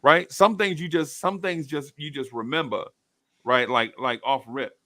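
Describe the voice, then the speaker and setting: Male stream host, slangy and laughing, animated, dry close recording. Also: medium pitch, moderate pace, no echo. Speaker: show host reading viewer comments. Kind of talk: casual live-stream chat.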